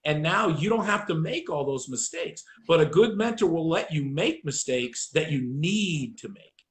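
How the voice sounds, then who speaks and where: This man's voice sits on the high side at an ordinary pace, with a reverberant sound. Hosting a laid-back conversation, he spins profane, lively dog-training anecdotes, performing the different voices himself.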